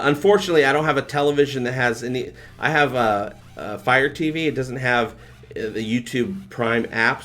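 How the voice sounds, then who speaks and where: Excitable man hosting a live stream. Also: on the low side. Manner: excitable and rambling, thanking viewers. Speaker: livestream host. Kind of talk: casual live-stream chat.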